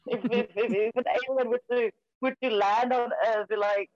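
A woman's voice: fairly high pitch, fairly even intonation, a little fast, hardly any pauses, darkish tone, no echo, highs cut off. A woman from South Africa with an accent mixing South African and American, chatting as a podcast guest who laughs easily. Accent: South African mixed with American. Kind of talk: casual chat.

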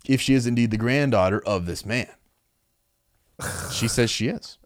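A man casually recapping a comic book story as podcast co-host, animated, acting out quick quotes. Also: medium pitch, dry recording, studio quality. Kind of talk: casual chat.

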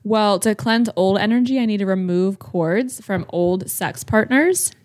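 A woman co-hosting a podcast in casual chat, high and giggly, swearing and rambling as she talks. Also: measured pace, a little mellow, no echo. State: high on marijuana. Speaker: podcast co-host.

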